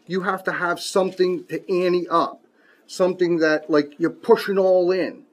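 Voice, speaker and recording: A man's voice: high voice, steady tone, a little slow. A man preaching a sermon who reads scripture aloud emphatically and mixes in folksy, casual asides.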